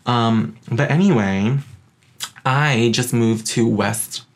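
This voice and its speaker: A young man from Queens, New York, hosting a podcast in sassy, animated casual chat. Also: mid-range voice, slow. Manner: sassy, animated, says "girl" a lot. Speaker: podcast host.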